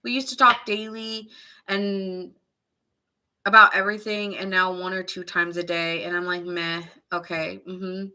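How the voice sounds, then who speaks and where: A woman with a bright, ringing voice talks through a tarot reading in a loose, conversational way. She muses aloud, responds to viewers' comments and laughs easily as she goes. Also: medium pitch, fairly even intonation, moderate pace. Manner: casual, chatty, reacts to viewers' comments. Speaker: tarot reader. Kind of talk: live tarot reading chat.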